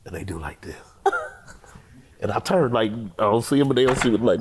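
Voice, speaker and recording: A man, a pastor and guest, telling a personal testimony in an interview, colloquial and expressive, acting out what he said to himself. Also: on the low side, a little fast, pauses often, slight background noise. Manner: expressive, colloquial storyteller who acts out his own inner voice.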